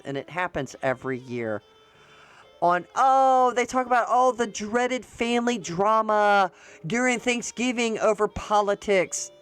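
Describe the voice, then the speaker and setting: A woman's voice: fairly low pitch, smooth. A woman vlogger chatting casually to her viewers about politics and holidays, rambling and using slang.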